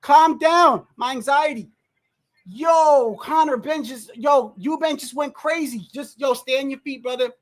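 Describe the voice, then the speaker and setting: Watching a fight on a livestream, this host gives heated live commentary full of exclamations and free swearing, speaking right to the fighters and referee. The voice sits high and unhurried, and viewer messages are read out.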